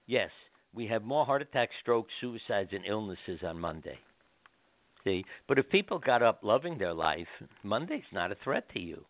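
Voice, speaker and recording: An older man, a doctor and interview guest, telling gentle anecdotes and acting out the people he quotes. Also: fairly low pitch, sing-song, normal speed, dry recording. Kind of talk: storytelling interview. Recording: dry phone line.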